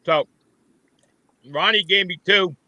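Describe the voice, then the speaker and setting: An older man co-hosting a live show who chimes in with short, laughing remarks. His voice is high, bright and lively, and the sound is dry and close. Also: slow, no echo. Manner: brief, laughing interjections. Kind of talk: casual chat on a live show.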